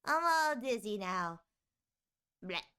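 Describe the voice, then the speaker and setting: A woman with a Northern US accent chatting casually on a live stream, bubbly and excitable, often laughing. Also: medium pitch, takes it slowly, clear, resonant tone.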